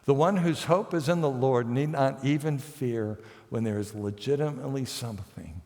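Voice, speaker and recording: A man's voice: mid-range voice, moderate pace, dark tone. Male pastor preaching in a reverberant church. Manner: storytelling, acts out the characters' quotes. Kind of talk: sermon. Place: church sanctuary.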